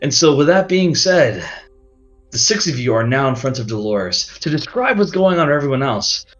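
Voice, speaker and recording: A man's voice: mid-range voice, animated, normal speed, fairly bright tone. A man narrating a tabletop game as game master, in a casual, rambling way. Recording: dull lo-fi audio with faint music.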